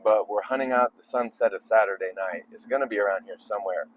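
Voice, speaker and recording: A man's voice: lowish voice, fast talker, slight background noise, low-quality recording. A man making a casual video while driving on the freeway at night, rambling with joking asides. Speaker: vlogger.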